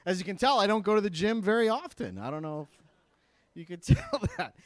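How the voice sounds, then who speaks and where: Lively self-mocking comedian, high voice. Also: male voice, moderate pace, dry recording, clean studio sound. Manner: self-deprecating, animated storytelling. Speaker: stand-up comedian. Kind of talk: stand-up comedy set. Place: school gym.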